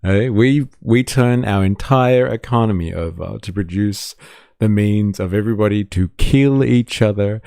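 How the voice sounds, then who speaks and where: Man, livestream host, sarcastic asides, gravelly, low voice. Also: mellow, no room sound, clean studio sound. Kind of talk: casual commentary over news clips.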